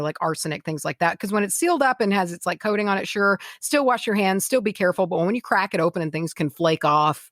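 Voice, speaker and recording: A woman co-hosting a podcast in loose, casual chat, rambling with plenty of fillers. Her voice sits at an ordinary pitch and sounds close and dry. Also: dry recording. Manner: rambling, full of "like" and restarts. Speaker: podcast co-host.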